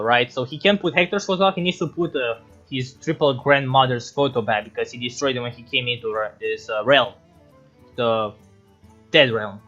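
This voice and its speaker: A man's voice: fairly high pitch, a bit bright, dull audio. A man talking casually through a spoiler movie review, rambling and emotional, with some swearing.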